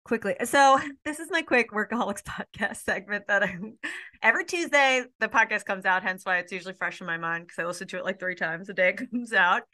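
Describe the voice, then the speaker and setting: A woman's voice: medium pitch, a little fast, sharp tone. A young woman co-hosting a podcast, rambling casually with lots of fillers and acting out quotes. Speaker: podcast co-host. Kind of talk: casual chat.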